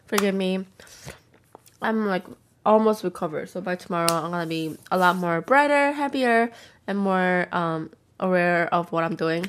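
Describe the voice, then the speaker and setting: A young woman chats casually to her viewers while eating on camera. She rambles through a story with plenty of filler words and acts out other people's lines. Her voice sits at a middle pitch. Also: slight background noise. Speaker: vlogger.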